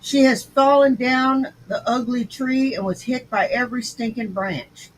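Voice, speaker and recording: A woman's voice: on the high side, fairly even intonation, a little slow, rough recording. A woman hosting a livestream, reacting to clips with scornful, insulting commentary. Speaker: stream host reacting to clips.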